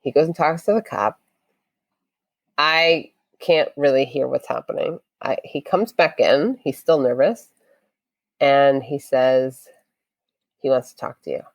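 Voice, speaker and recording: A woman with a notably low voice, recorded close and dry, tells a casual interview story. She is a lively storyteller who acts out the lines of the people in it. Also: a little slow, pauses often, no room sound, highs cut off. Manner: lively storyteller acting out quotes. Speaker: podcast guest.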